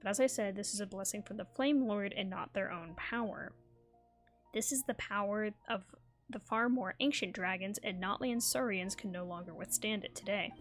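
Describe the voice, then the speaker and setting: A woman's voice: mid-range voice, moderate pace, faint music behind, natural voice. Woman reading a courteous male scholar. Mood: formal. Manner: formal, courteous phrasing. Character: polite male scholar, formal and apologetic. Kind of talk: reading game dialogue aloud.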